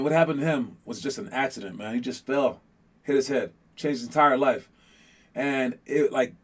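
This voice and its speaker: A man's voice: mid-range voice, a little mellow. Rambling casual young-sounding male host. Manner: rambling, many restarts and fillers, addresses the audience as guys. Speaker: basketball show host. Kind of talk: casual chat to viewers.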